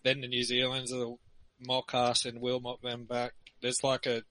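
Bright-voiced Australian man chatting. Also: medium pitch, completely flat delivery, moderate pace, no echo, poor audio. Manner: rambling, loose, laughs between points. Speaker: forum participant. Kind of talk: casual group discussion.

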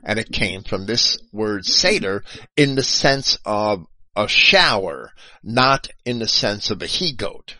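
A man giving an unscripted explanatory monologue, lecturing in a halting way with frequent restarts and self-corrections and spelling terms out letter by letter. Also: on the low side, lively intonation, bright, forceful tone, dry recording, rough recording. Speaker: video host.

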